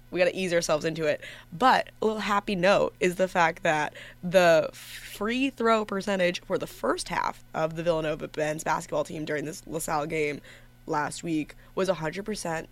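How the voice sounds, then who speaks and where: A young woman hosts a college radio program from a studio, talking in a casual, rambling way that is punctuated by giggles and quick self-corrections. Her voice sits on the lower side for a woman. At moments her delivery turns a little monotone. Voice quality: somewhat monotone at times. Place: empty radio station studio.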